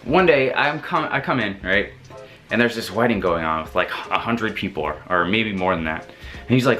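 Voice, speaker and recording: Young man with a bright voice, storytelling. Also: on the low side, moderate pace, soft background music. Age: young adult. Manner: animated, laughs often, swears freely. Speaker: vlogger. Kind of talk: casual storytelling.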